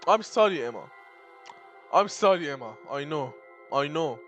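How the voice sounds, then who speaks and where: A man's voice: a little high, expressive, moderate pace, a bit bright, soft background music. Joking, swearing young man reading a visual novel. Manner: swears and jokes between dramatic reading.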